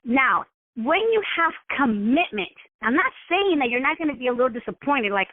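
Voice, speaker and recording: A woman wellness coach giving a motivational coaching talk, constantly checking in with her listeners and acting out scenarios in animated voices. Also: sits high, normal speed, dry recording. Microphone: telephone. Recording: tinny phone line.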